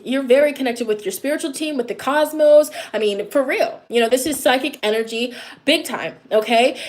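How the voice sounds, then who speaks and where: A woman doing a live tarot reading, playful and goofy, chatting loosely with lots of "you know" fillers. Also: sits high. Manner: playful, goofy, with laughs and exclamations. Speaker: tarot reader.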